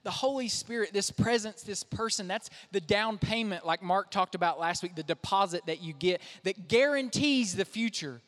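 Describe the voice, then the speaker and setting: A man's voice: sits high, lively intonation, moderate pace, hardly any pauses, fairly bright tone. A young man, a pastor, preaching a sermon in a conversational, self-deprecating way. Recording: reverberant hall.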